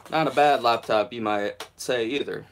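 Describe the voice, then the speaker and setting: A man's voice: medium pitch, moderate pace, a little hiss or hum. A young man hosting his own live stream, chatting casually and rambling with self-mocking asides, talking around a guitar pick held in his mouth. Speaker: channel host.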